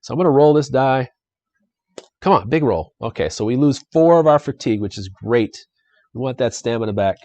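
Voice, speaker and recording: A man's voice: medium pitch, a little fast, warm tone, no echo, highs cut off. Chatty man streaming a board game. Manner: upbeat, chatty, talks to viewers. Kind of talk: casual live-stream playthrough commentary.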